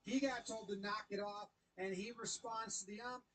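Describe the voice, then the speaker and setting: A woman giving casual commentary on a video clip, animated and swearing, often slipping into voices. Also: mid-range voice, moderate pace, husky, rough recording.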